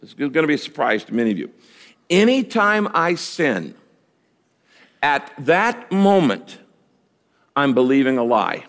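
A man's voice: mid-range voice, big pitch swings, measured pace, long pauses, a bit bright, long reverb tail. A middle-aged man preaching a sermon as a pastor, talking conversationally, teasing the congregation and pushing his voice up to stress a point.

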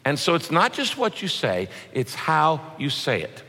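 Pastor guy preaching, bright voice, lots of ups and downs, big echoey hall. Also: on the high side, huge pitch swings, unhurried, vocal fry, slightly rough. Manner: emphatic preaching with punchy rhymes, mock voices for quoted people. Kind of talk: sermon.

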